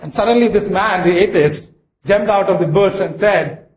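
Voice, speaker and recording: Man, preacher, sermon, halting speech, echoey hall. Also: high voice, lo-fi sound. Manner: halting, many fillers and restarts.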